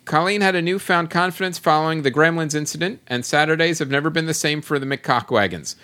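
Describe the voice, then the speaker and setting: A man's voice: fairly high pitch, fast, sharp tone. A man hosting a casual podcast, reading listener comments aloud and laughing often as he goes. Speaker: podcast host.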